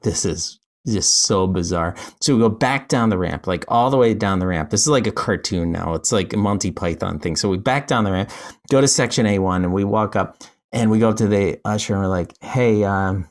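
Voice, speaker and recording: A man as a podcast guest, telling a story in a casual, animated way, acting out dialogue with lots of "like" fillers. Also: on the low side, brisk. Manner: animated, acts out quoted dialogue, frequent "like" fillers.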